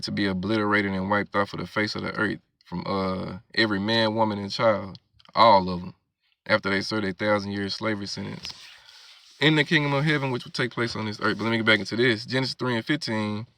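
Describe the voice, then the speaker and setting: A man's voice: on the low side, gravelly, sharp tone, no echo, studio quality. A man preaching, reading scripture verses aloud and explaining them, often checking in with "all right?". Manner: keeps asking "all right?" and "you know what I'm saying".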